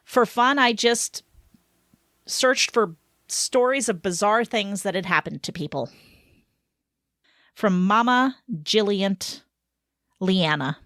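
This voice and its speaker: A woman's voice: mid-range voice, slow, pauses often, a bit bright, no room sound, studio quality. A woman co-hosting a casual podcast, chatting and reading a story aloud expressively. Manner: chatty, reads stories expressively. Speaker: podcast co-host.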